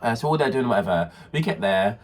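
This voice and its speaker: A young British man co-hosting a chatty podcast, telling an animated, gossipy story and acting out the people in it. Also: mid-range voice, fast. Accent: British English. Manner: animated, gossipy, acts out voices in anecdotes. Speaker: podcast co-host. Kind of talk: casual storytelling chat.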